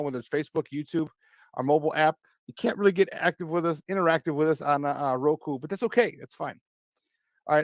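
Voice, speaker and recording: A man with a Chicago accent hosting a morning sports talk show, loose and joking as he gives shout-outs and runs down the lineup. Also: on the high side, dry recording, studio quality. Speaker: sports talk radio host.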